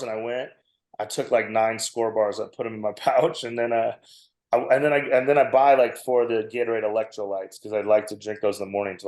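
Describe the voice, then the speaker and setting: A man's voice: medium pitch, darkish tone. A man in his forties, a comedian guest, telling a long, self-mocking story on a podcast and laughing often. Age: 40s. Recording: roomy echo.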